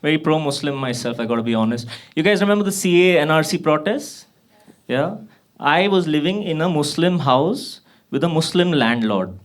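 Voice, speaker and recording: A man's voice: a little high, expressive, normal speed. A man in his thirties from Kashmir doing a profane stand-up comedy set in a club, his voice jumping up when he gets riled. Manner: profane, exasperated punchlines, voice jumps up when riled. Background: audience laughter.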